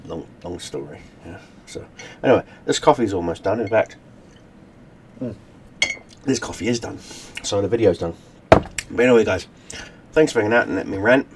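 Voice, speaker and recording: A man's voice: lowish voice, lively intonation, moderate pace, long pauses, background noise. A man hosting his channel, casually retelling a story he wrote, rambling with many restarts and fillers. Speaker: channel host. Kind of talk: casual story recap to camera.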